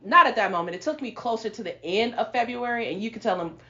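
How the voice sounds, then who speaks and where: A woman hosting a podcast, telling a personal testimony in animated, casual storytelling that breaks into laughter. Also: on the high side, quick pace. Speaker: podcast host. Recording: lo-fi sound.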